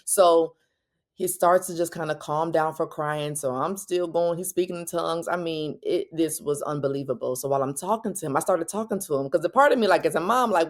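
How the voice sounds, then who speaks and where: A woman, telling a personal faith story as a Christian parenting speaker, her voice jumping higher when she quotes people. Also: brisk. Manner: animated, rising pitch when quoting others.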